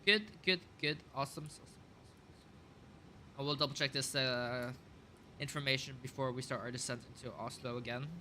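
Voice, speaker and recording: Speaking fast with fairly even intonation, a male flight sim streamer with a mid-range, bright, forceful voice talks casually through a simulated airliner flight. He calls out checklists and thinks aloud, using many fillers, over a little hiss or hum.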